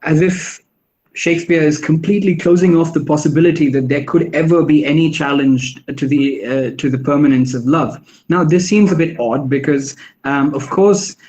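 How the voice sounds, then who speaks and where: A man giving an academic lecture on poetry in a thoughtful, halting way, with many fillers and restarts, slowing down to stress words. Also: on the high side, darkish tone, rough recording. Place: online workshop session.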